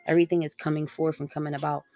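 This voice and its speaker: A young woman talks through a solo podcast episode in a loose, slangy, meandering way, with a few swear words. Her voice sits on the low side with a gravelly fry at the edges. It sounds close and dry, with faint music underneath. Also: level tone, rapid-fire, dark tone, no echo. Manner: slangy, rambling and candid, swears freely. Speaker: podcast host. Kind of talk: casual solo podcast monologue.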